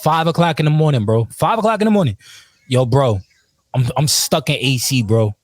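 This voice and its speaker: A man's voice: medium pitch, lively intonation, fairly quick, no echo. A man telling rowdy stories in casual chat, laughing often and acting out what his friends said. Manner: laughing, quotes friends in retold dialogue. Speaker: podcast guest telling stories. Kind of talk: casual storytelling, profane and animated.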